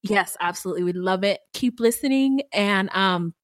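A woman co-hosting a podcast in casual chat, blunt and animated, who swears freely. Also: medium pitch, normal speed, no echo, clean studio sound. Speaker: podcast co-host.

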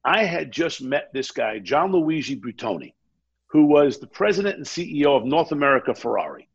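Gravelly-voiced man telling a story. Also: on the high side, a little fast, muffled recording. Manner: animated anecdote-telling, acts out quoted dialogue. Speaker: interview guest. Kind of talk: casual storytelling.

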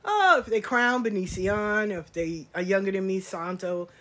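A middle-aged woman, hosting a podcast in a blunt, animated casual monologue and swearing freely. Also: medium pitch, moderate pace, hardly any pauses. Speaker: podcast host.

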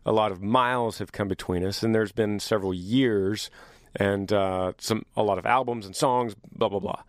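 Host, male, fairly low voice, dry close sound, upbeat and teasing delivery. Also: normal speed, dry recording. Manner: animated, joking, teasing. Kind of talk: casual monologue to viewers.

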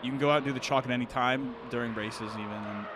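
A young man jokes his way through a casual podcast chat, laughing often and swearing. His voice sits at a middle pitch. Background noise runs underneath. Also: fairly even intonation, quick pace. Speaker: podcast co-host. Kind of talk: casual chat reacting to videos.

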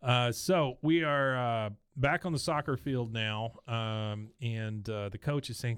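A man's voice: medium pitch, steady tone, takes it slowly, hardly any pauses, a bit bright, clean tone, no room sound, studio quality. A man hosting a podcast, casually recapping a show and telling the story in a chatty way. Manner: chatty, storytelling, acts out voices. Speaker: podcast host. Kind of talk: casual episode recap with acted voices.

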